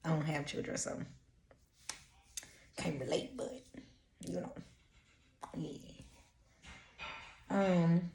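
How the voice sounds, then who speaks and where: Her warm, lowish voice draws out words and pauses often as this blunt Louisiana woman does a casual channeled energy reading. As an intuitive reader, she talks in profane, streetwise slang, recorded with a roomy echo.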